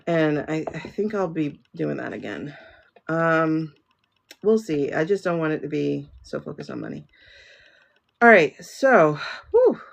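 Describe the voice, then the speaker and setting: A woman's voice: deep voice, huge pitch swings, a little slow, creaky, pauses often. A woman hosting a spiritual livestream, chatting casually and talking straight to her viewers. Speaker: livestream host, tarot reader.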